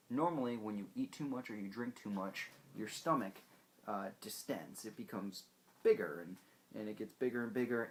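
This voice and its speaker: A young man hosting a casual science explainer video, joking and animated as he talks straight to the viewer. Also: fairly low pitch.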